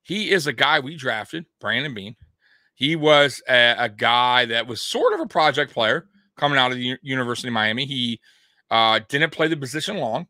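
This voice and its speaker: A young man hosting a fan sports show, talking casually and ranting in an animated way, swearing now and then. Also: mid-range voice, normal speed, no echo, studio quality. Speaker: sports podcast host.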